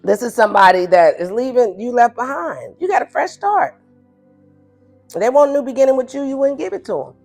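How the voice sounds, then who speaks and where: A fairly high-voiced woman gives a casual tarot reading, blunt and animated, laughing and acting out her listener's answers. Faint music plays behind her. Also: fairly quick, gravelly. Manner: animated and blunt, voices the viewer's replies in higher playful tones, laughs often. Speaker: tarot reader.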